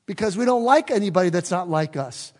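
A man's voice: high-pitched, expressive, a little fast. A man preaching a sermon as pastor in a church, talking conversationally and putting questions to the congregation. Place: church sanctuary. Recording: long reverb of a large hall.

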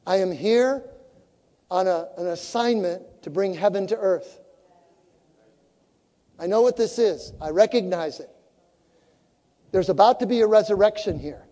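Woman, preacher, storytelling sermon, animated, mellow voice, echoey church hall. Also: medium pitch, measured pace, long pauses. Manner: animated, acts out conversations.

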